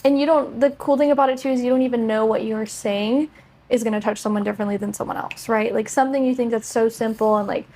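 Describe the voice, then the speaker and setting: A woman's voice: fairly high pitch, fairly even intonation, fast talker, dark tone, a little hiss or hum. A woman co-hosting a podcast, chatting casually in an enthusiastic, supportive way. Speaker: podcast co-host. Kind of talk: casual chat.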